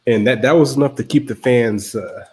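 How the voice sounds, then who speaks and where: A man's voice: medium pitch, normal speed, darkish tone, breathy edge. A man co-hosting a casual sports podcast, talking in a dry, blunt, joking way. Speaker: podcast co-host.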